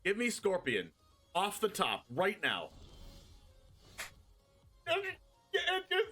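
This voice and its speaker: A man with a very high, lively voice that leaps around as he commentates his card game live. He talks in slow, drawn-out bursts, often yelling or laughing at each play, with quiet music underneath. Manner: excitable, shouting and laughing at plays.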